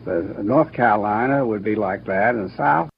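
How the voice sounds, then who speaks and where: An older man with a low, gravelly voice tells stories about his work in a brisk, anecdotal way. He sometimes acts out what people said. The recording is dull with a faint hiss. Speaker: cartoon producer and director. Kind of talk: interview, reminiscing.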